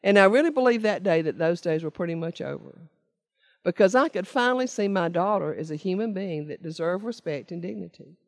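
A woman's voice: mid-range voice, no echo, studio quality. Older woman telling her story. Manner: earnest storytelling, emphatic repetition. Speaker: speaker sharing her recovery story. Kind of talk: personal testimony talk to a meeting.

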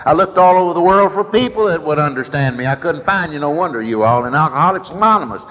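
A man's voice: fairly high pitch, lively intonation, quick pace. A man from Texas with a Texan accent, telling his recovery story at a meeting in a folksy, rambling way with repeated words. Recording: echoey hall, dull lo-fi sound.

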